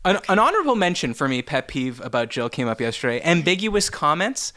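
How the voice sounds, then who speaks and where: Lively, teasing man hosting a podcast. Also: fairly high pitch, brisk. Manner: playful, teasing, runs the game. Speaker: podcast host. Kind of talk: casual chat.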